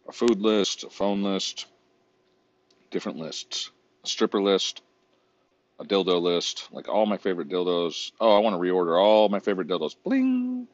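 Deep husky man rambling profanely. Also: no echo, lo-fi sound. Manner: profane, rambling, self-mocking. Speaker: vlogger. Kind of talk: casual rambling chat while browsing online.

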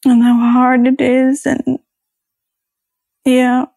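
A woman hosting a personal podcast, talking in a halting, reflective way with many fillers and restarts, emotional and close to tears. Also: sits high, monotone, creaky, warm tone, no echo. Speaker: podcast host.

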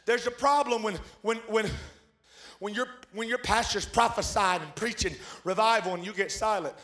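A man preaching a revival sermon, swinging from hushed, rhythmic lines to loud shouted peaks, with joking asides to his congregation. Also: high-pitched, normal speed. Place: large church hall. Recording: echoey church hall.

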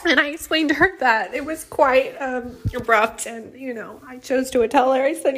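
Woman, heartfelt personal storytelling, slightly high voice, emotional, laughs often, restarts. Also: moderate pace, few pauses, fairly bright tone. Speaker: mother sharing a personal story.

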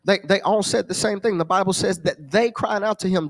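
A man's voice: high voice, moderate pace, few pauses. A male pastor preaching a sermon, repeating phrases and answering imagined questions from the congregation. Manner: repetitive preaching cadence with call-and-response asides.

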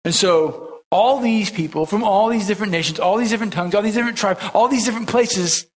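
High-voiced man preaching a sermon. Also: quick pace. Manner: conversational preaching with frequent repetitions and restarts. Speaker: pastor.

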